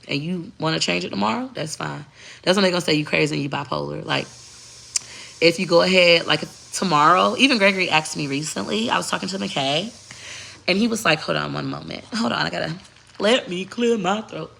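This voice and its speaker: Lady creator going off to camera, real gravelly voice, bright edge, cussing and animated. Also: on the low side, fairly quick. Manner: blunt, profane, emphatic and animated. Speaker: content creator. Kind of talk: candid talking-to-camera rant.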